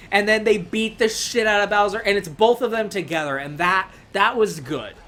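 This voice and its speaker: A man's voice: fairly high pitch, a bit bright. A young man rambling casually through a movie review, swearing, laughing often and filling his talk with "like". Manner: rambling, swears, filler-heavy, laughs a lot.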